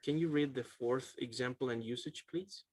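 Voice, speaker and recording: Man, Chilean accent, relaxed teacher, husky voice, dry close sound, video call. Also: mid-range voice, moderate pace, dry recording. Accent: Chilean Spanish. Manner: casual, chatty, laughs often, fills with um and uh. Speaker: English teacher. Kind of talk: online class.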